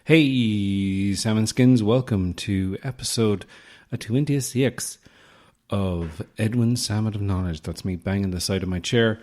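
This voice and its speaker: A man hosting his own comedy podcast, rambling through deadpan absurd asides close to the mic. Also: lowish voice, a little slow. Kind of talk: solo comedic podcast monologue. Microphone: close podcast microphone.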